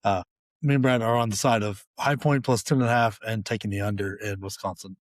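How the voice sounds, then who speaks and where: Man, low voice, dry sound, relaxed sports analysis. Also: a little fast, no room sound. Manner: relaxed, explaining with fillers. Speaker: podcast host. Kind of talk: casual sports betting talk.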